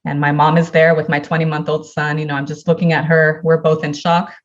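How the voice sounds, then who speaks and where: A woman's voice: deep voice, level tone, brisk, muffled recording. A woman, a podcast guest, earnestly telling a personal story and acting out the dialogue in it.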